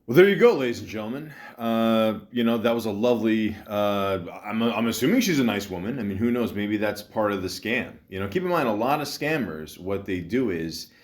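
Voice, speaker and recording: A man hosting a podcast, ranting bluntly in casual commentary, swearing and stopping often to fill pauses. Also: fairly low pitch, lively intonation. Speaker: podcast host.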